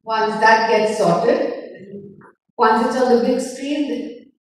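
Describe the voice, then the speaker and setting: A woman's voice: on the high side, very slow. A middle-aged woman author, talking bluntly and emphatically as a guest at a festival conversation, acting out the people she quotes. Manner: emphatic, blunt storyteller who acts out quotes. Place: festival hall. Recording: echoey hall, voice from far off.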